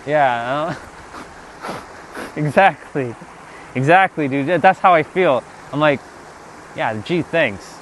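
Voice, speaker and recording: Animated man talking spirituality casually. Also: on the high side, takes it slowly, long pauses, a little hiss or hum. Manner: animated, swears, talks to God in mock dialogue. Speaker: spiritual vlogger.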